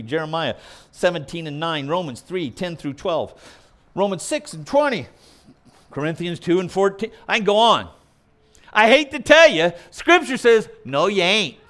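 A high-voiced male preacher gives an emphatic, argumentative sermon, mimicking objections and swinging between loud, punchy lines and quiet asides.

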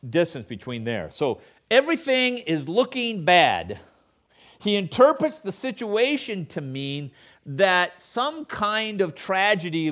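A man preaching a sermon as pastor, animated and sarcastic, acting out the excuses of others. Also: fairly high pitch. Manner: animated, acts out quoted voices with sarcasm.

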